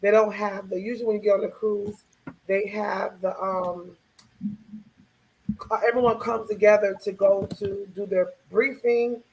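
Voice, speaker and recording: A woman's voice: mid-range voice, a little slow, a little hiss or hum, low-quality recording. A woman on a talk show chatting casually about a trip, with a voice she says is going. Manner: chatty, lively storyteller. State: losing her voice. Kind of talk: casual chat.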